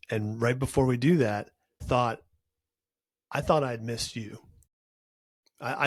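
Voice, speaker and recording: Podcast host guy, earnest and emphatic, mid pitch, dry close sound. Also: dry recording. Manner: earnest, emphatic, repeats words when excited. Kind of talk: casual interview chat.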